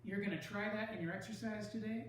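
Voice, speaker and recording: Measured male writing teacher, roomy sound. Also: high voice, steady tone, a bit bright, distant mic, a little hiss or hum. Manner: measured, explanatory, leans on key words. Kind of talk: recorded online lecture.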